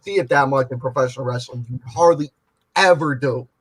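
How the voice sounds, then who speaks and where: A man's voice: medium pitch, brisk, fairly bright tone, breathy edge. A man hosting a casual group podcast, boasting and joking crudely with friends. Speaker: podcast host.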